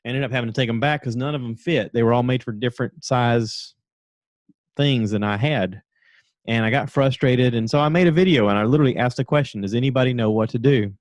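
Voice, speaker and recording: A man's voice: medium pitch, fairly quick, no echo. Chatty man telling a story, dry sound. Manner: chatty storyteller who acts out quotes, laughs at himself. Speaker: podcast host. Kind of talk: casual solo podcast monologue.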